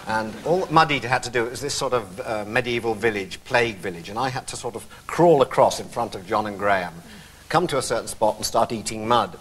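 A man who is a talk show guest, telling stories in an animated, self-mocking way and often laughing. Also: lowish voice, brisk. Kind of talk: anecdotal storytelling on a talk show.

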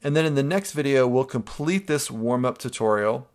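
A man's voice: medium pitch, moderate pace, a little mellow. A male art teacher narrating a screen-recorded drawing tutorial, explaining each step patiently and checking in with students with a frequent "okay?".

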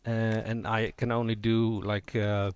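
Slow talking guy explaining rpg character voices, kinda gravelly, figuring it out as he goes. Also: lowish voice, little pitch movement, darkish tone. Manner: thinking aloud, improvising as he goes. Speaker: roleplaying game player explaining character voices. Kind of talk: casual spoken tutorial.

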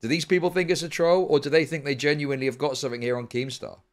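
A man's voice: a little high, fairly even intonation, fast. A man streaming live commentary, arguing heatedly and swearing often.

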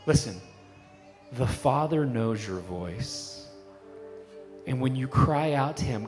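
A middle-aged pastor preaches in a casual, conversational way, dropping "like" and "you know" as he goes. His mid-pitched voice carries a long church reverb, with faint worship music underneath. It sounds like a live sermon recorded in the sanctuary. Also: lively intonation, takes it slowly, pauses often. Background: faint worship band music.

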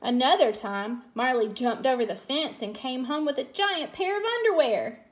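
A woman teacher reading a children's picture book aloud as a bedtime story, expressive and warm in delivery with voices for the characters. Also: sits high, normal speed.

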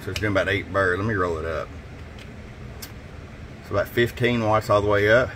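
A man with a slightly hoarse voice, casually walking through a demo at his radio workbench, dropping in fillers and a tag of "okay?". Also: lowish voice, a little fast, a bit bright, slight background noise. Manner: casual, folksy, drops in "okay?" and "uh". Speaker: CB radio shop technician. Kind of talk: casual product demo narration.

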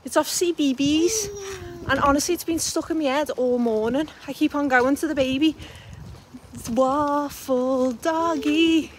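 Giggly chatty young mum. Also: female voice, sits high, brisk, slight background noise. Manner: chatty, giggly, casual swearing. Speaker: vlogger and new mum. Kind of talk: casual chatty vlog. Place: at home indoors.

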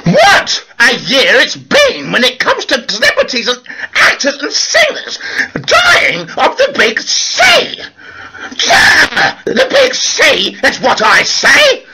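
A man's voice: extremely high pitch, wildly swooping pitch, slow pace, bright, forceful tone, rough recording. A man delivering a theatrical comic monologue as an actor vlogger, over-the-top and sing-song, laughing as he talks. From London.

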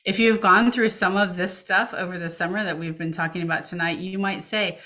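A woman's voice: on the low side, fairly even intonation, fairly quick, hardly any pauses, pushed and bright. Woman presenting a parent webinar on a video call. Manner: reassuring, coaching parents; reads chat questions aloud. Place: home setup, remote webinar. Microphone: computer mic on video call.

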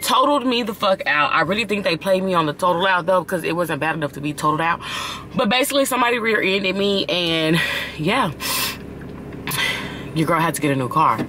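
A young woman talking casually to her camera, excited, slangy and swearing, with loud bursts and laughter. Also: on the low side, a little fast, slight background noise. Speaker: vlogger. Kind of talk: casual vlog chat to camera.

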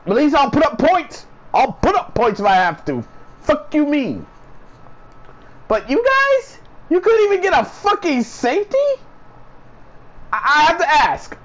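A man's voice: very high voice, poor audio. A man ranting in a casual vlog, swearing a lot, repeating himself and sounding incredulous. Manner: profane, repetitive, incredulous ranting. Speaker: sports vlogger.

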